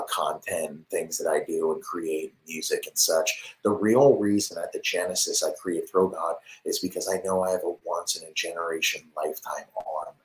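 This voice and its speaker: A man with a deep, low voice streams from his home office on a desk mic. He boasts and swears in a loose, rambling way, punching some lines out loudly and muttering others almost in a whisper. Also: low-quality recording. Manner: brash and boastful, swearing, swings between loud ranting and hushed whispering. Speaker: live streamer. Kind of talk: rambling hyped-up monologue.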